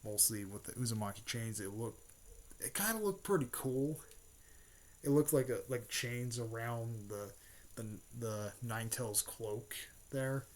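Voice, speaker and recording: A man's voice: mid-range voice, measured pace. Rambling man retelling a story. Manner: rambling, filler-heavy, frequent throat clearing. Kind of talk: casual rambling story recap.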